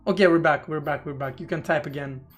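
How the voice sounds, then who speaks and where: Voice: mid-range voice, fast. A streamer chatting casually during a live coding session, rambling with stammered restarts and casual swearing, faint music behind.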